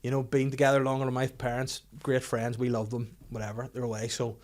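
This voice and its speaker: A man's voice: mid-range voice, a little fast. Chatty Northern Irish man telling stories. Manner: animated, laughing storyteller with lots of restarts. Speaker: podcast co-host. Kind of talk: casual storytelling chat.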